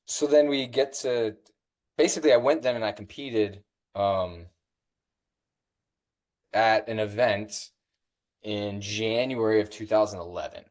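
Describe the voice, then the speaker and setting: A middle-aged man, a fitness coach, telling stories as a guest in a casual interview, animated and jumping in pitch when he acts out what people said. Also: a little slow, long pauses. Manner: animated, acts out quoted voices with big pitch jumps.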